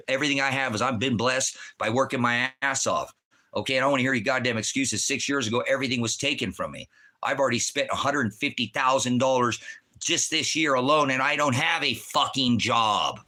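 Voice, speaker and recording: Middle-aged male online preacher, furious profane rant, bright forceful voice. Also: medium pitch. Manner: profane, fiery, heavy swearing. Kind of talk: angry ranting monologue. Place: rural home.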